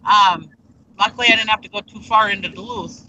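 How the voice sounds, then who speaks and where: A woman hosting a casual livestream, telling a story in a lively, chatty way and acting out what people said. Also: mid-range voice, brisk, highs cut off, a little hiss or hum. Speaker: online reseller hosting a livestream.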